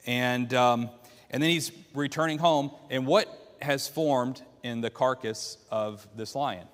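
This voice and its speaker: A man's voice: medium pitch, slow pace. A man teaching a church Bible class, retelling a story and putting questions to the class. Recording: long hall reverb.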